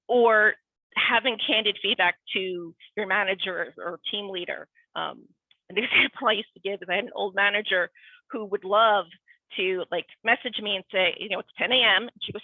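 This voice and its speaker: An animated woman talks freely, running from one tangent to the next and slipping into quoted voices. The sound is thin and phone-like, and the room gives back no echo. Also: medium pitch, brisk. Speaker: guest speaker. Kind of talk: casual conversational talk. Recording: tinny phone-like line, dry.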